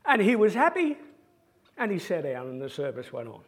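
A man, a former pastoral care pastor, telling stories in an animated sermon-style talk. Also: sits high, normal speed. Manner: animated anecdotal storytelling.

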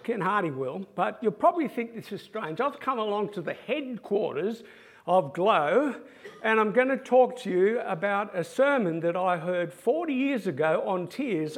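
Animated high-voiced man preaching. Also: normal speed, breathy edge. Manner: animated anecdotal storytelling. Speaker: former pastoral care pastor. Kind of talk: sermon-style talk.

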